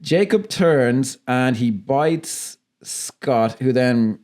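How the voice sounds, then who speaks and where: A man's voice: medium pitch, expressive, extremely slow, a little mellow. A man co-hosting a film podcast in casual chat, swearing a lot, laughing often and acting out lines from movies. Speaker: podcast co-host.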